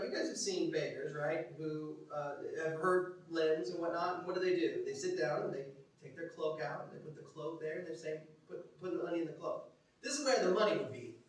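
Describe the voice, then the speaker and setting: A man preaching a sermon as pastor, telling stories animatedly, acting out quotes and dropping from loud to hushed. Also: high-pitched. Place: church. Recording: echoey church hall from far off.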